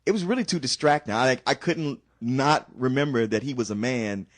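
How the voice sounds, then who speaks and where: A man's voice: mid-range voice, animated, normal speed. A male podcast guest critiques a film in casual chat. He restarts his sentences often, yet states his objections bluntly.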